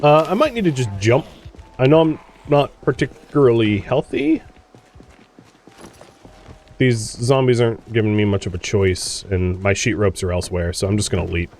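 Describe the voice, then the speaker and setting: A man's voice: mid-range voice, animated, moderate pace, darkish tone. A man hosting a let's play, chatting casually through gameplay, exclaiming and grumbling at the game.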